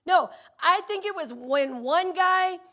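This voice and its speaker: A woman in her thirties preaching a sermon, telling stories in an animated way and acting out the voices of the people in them. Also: extremely high pitch, slow pace. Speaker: pastor.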